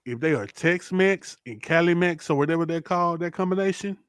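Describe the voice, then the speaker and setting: A man's voice: fairly high pitch, fairly quick, smooth, dry recording, clean studio sound. A man hosting a podcast in casual chat, playfully running through a list with mock-serious verdicts. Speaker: podcast host.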